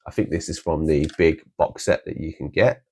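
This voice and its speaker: A man's voice: very deep voice, moderate pace, dark tone, breathy edge. A man rambling casually with many restarts, showing off his collection in a vlog. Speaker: collector vlogger.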